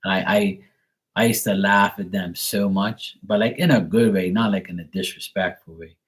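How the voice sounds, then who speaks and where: A man with a slightly low voice talks loosely on a live stream, full of swearing and easy laughter. He rambles freely, like a casual chat with viewers. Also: steady tone, normal speed. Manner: loose, profane and laughing, imitates accents. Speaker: live tarot reader and streamer.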